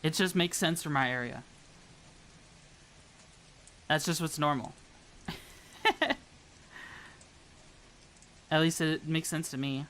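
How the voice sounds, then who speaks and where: A woman's voice: low-pitched, takes it slowly, long pauses, fairly bright tone, slight background noise. A woman from the American South chatting casually with viewers as a streamer while she builds a model. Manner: rambling, chatty, talks to viewers. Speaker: VTuber streamer.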